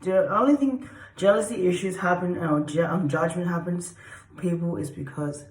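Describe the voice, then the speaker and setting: A woman with a lowish, darkish voice speaks at normal speed in an informal, unedited explainer, styling herself an expert on dog and human psychology. She meanders, repeats herself, and uses profanity for emphasis; the room echoes noticeably.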